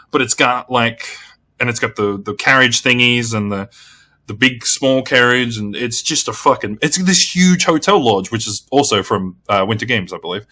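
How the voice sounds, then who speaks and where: A man's voice: mid-range voice, bright, forceful tone. Sweary Australian man ranting about a game. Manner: heavy swearing, blunt and exasperated; rambling with frequent restarts. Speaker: gaming video creator. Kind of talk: casual game review rant.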